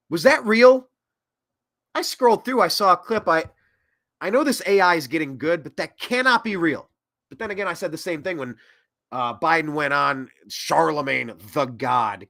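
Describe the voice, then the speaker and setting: A man's voice: a little high, pushed and bright. A man in his thirties hosting a political commentary show, rambling and sarcastic, with mocking asides. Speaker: host.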